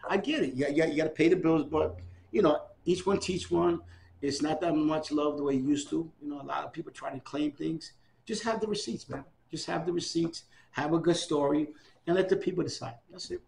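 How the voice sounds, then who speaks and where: A middle-aged man recounting his life in a casual oral history interview, animated and acting out the dialogue of people he quotes. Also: a little high, fairly quick, creaky, a little hiss or hum.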